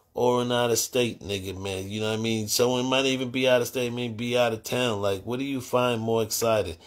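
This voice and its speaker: Profane, excitable man hosting a call-in show. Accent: Boston. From Boston area. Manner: profane and excitable, with loud high bursts; laid-back and conversational when asking questions. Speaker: host. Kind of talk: live call-in talk show.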